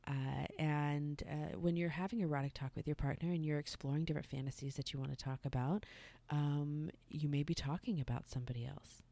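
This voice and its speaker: A woman hosting a podcast and giving a relaxed, unscripted sex-education talk, dropping some words to a whisper. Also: sits low, brisk, creaky, dry recording. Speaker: podcast host.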